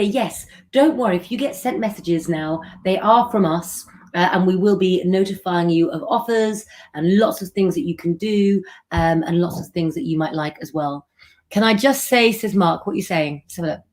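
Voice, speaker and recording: A woman's voice: medium pitch, a little mellow. A middle-aged woman hosting a live stream, chatting affectionately with viewers and giving tarot readings.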